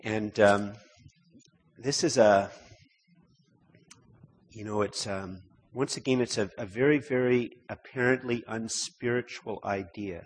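A man preaches a sermon in a church, his slightly low voice a touch husky. He talks conversationally, repeating words, then builds into emphatic stretches. The sound carries a long hall reverb. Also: slow, pauses often.

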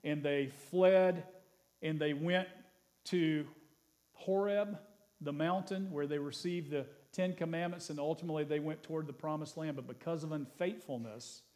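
High-voiced man preaching a sermon. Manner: reads scripture aloud with rising emphasis; prays in a soft, lowered voice. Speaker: pastor.

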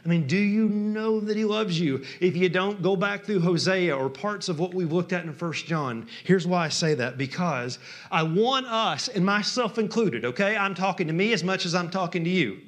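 A male pastor with a Southern accent preaching a sermon, swinging from hushed, drawn-out words to loud, impassioned emphasis. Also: high-pitched, expressive.

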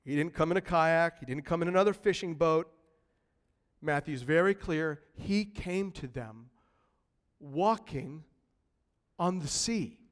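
A man preaching a lively, conversational sermon in a church, swinging from quiet asides to loud bursts. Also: fairly high pitch, a little slow, long pauses. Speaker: pastor. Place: church sanctuary. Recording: long reverb of a large hall.

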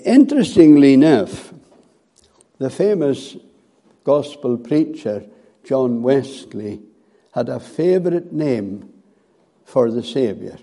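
Guy preaching real slow, very dark mellow voice, lots of ums and ehs. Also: mid-range voice. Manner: slow and deliberate, with hesitant fillers. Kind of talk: sermon.

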